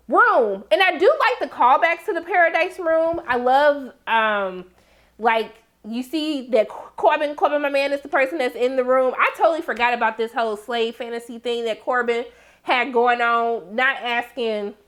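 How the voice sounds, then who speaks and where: A woman giving a casual, slangy recap and review of a TV episode, breaking into high exclamations. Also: animated, normal speed.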